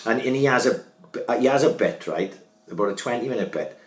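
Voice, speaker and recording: A man's voice: medium pitch, animated, a little fast. A man, co-hosting a casual chat, blunt and full of swearing. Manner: blunt, heavy swearing, keeps asking "you know what I mean". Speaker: podcast co-host. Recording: roomy echo.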